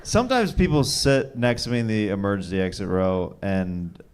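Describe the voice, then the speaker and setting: A man in the audience talking with a comedian, hesitant and halting. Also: fairly low pitch, big pitch swings, clean tone. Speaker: audience member. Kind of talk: casual chat with comedian.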